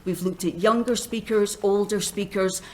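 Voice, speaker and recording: A Scottish woman from northeast Scotland, a sociolinguistics professor, presents her research to a panel audience, speaking in a lively, humorous way and putting questions to the room. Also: mid-range voice, normal speed.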